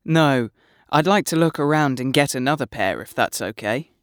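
Man acting as everyday adult guy, mid-pitched voice, clear careful delivery, dry studio sound. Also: expressive, normal speed, a bit bright, no room sound, lightly acted. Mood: plain. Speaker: dialogue actor in a listening exam. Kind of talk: scripted dialogue reading.

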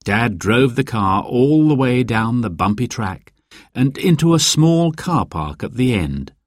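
A man giving a slow, clear, expressive narration of a children's storybook. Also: mid-range voice, dry recording, studio quality. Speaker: audiobook narrator.

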